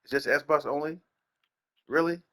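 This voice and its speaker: Ranting in casual slang, a young gaming channel host keeps repeating himself, his pitch jumping up whenever he's incredulous. His tone is fairly bright and his pace measured.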